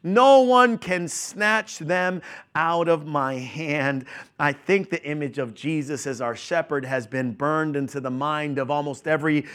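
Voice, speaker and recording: A male preacher delivering a dramatic sermon, dropping to hushed whispers and rising to shouted climaxes. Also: on the high side, a little slow.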